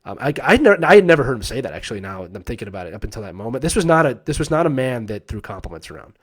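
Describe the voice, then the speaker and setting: A man's voice: mid-range voice, very fast. A man in his thirties hosting a live stream, casually telling a personal story and acting out the voices of the people in it. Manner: animated, acts out quoted voices, laughs often.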